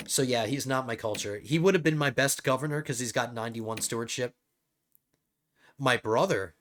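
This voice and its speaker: A man hosting a let's play, giving casual gameplay commentary and getting excitable as he thinks aloud. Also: mid-range voice, normal speed, slight background noise. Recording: game music playing under the voice. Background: game music.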